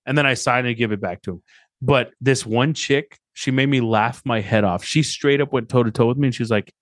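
A man's voice: mid-range voice, animated, a little fast, no room sound. A man in his thirties co-hosting a podcast, in the middle of his range, chatting loosely and spinning joking stories. He acts out other people's lines as he goes. The sound is close and dry, with no room in it. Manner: storytelling, joking, acts out quotes. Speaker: podcast co-host. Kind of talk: casual chat.

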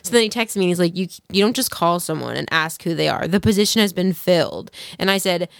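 A woman's voice: lowish voice, animated, gravelly, no echo, clean studio sound. A woman co-hosting a casual podcast who laughs often and backs up her co-host's stories. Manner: laughs often, quick to back up her co-host. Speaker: podcast co-host. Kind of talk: casual chat.

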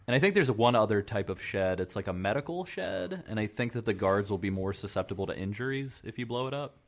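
Guy with a lowish voice, laid-back podcast chat about games, lots of um and yeah. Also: fast. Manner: relaxed, explains at length with fillers. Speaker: podcast co-host. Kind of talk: casual chat about a video game.

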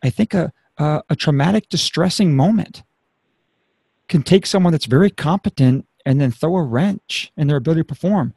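Male podcast host, upbeat, casual, slightly high voice. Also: moderate pace, creaky, breathy edge, no echo. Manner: upbeat, energetic, hypes the sign-off; repeats words when starting a phrase. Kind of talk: casual interview talk.

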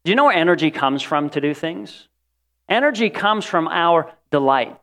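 Male preacher with a slightly high voice, animated sermon delivery, acts out quoted voices. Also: moderate pace.

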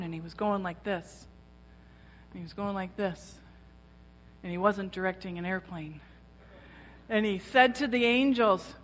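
A woman preaching a personal testimony to a women's gathering, telling her story and acting out the voices of others. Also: mid-range voice. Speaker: speaker at a women's church gathering. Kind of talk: sermon testimony. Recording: long reverb of a large hall.

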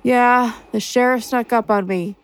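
An actress voicing a sullen undead female soldier who answers her commander flatly in an audio drama. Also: fairly high pitch, measured pace, slight background noise. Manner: flat, unapologetic replies.

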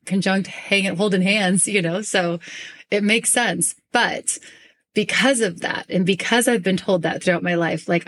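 A woman hosting a podcast in casual chat, talking fast and rambling with lots of fillers. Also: mid-range voice, fairly bright tone. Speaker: podcast host.

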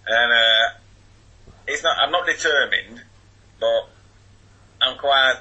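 A man's voice: medium pitch, slow, bright, forceful tone, lo-fi sound. A man in his forties with a Wigan accent, chatting as a podcast guest over an internet call, rambling with many restarts. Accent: Wigan, Lancashire. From Wigan, England. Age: 40s. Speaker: podcast guest, football fan. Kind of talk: casual remote interview.

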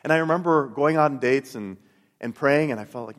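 Speaking fairly quickly in a medium-pitched voice, a middle-aged Christian speaker earnestly tells his faith story and teaches, often repeating words as he goes. The recording carries long hall reverb.

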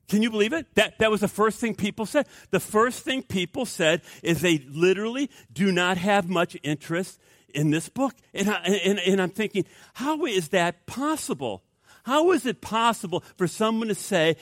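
Male pastor, lively swooping high voice, dry close sound, emphatic sermon with many restarts. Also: normal speed, dry recording. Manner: emphatic, repetitive, stammering restarts, acts out quoted people. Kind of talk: animated sermon.

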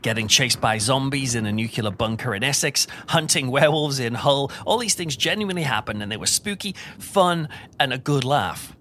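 A middle-aged man giving an informal Bible talk in a chatty, animated way with self-deprecating humour. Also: mid-range voice, moderate pace, a little hiss or hum. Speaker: preacher.

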